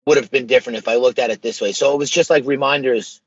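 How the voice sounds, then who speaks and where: A man's voice: mid-range voice, steady tone, fast talker, breathy edge, no room sound, highs cut off. A man talking as a podcast guest, emphatic and casual, dropping slang. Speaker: podcast guest, social media page creator. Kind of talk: casual interview conversation.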